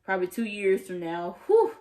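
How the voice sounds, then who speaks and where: A woman's voice: medium pitch, sing-song, normal speed, warm tone. A young woman vlogger recapping a TV episode in a gushing, slangy way, acting out the characters' lines as she goes. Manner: gushing, slangy, acts out quotes. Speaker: TV review vlogger. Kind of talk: animated casual recap.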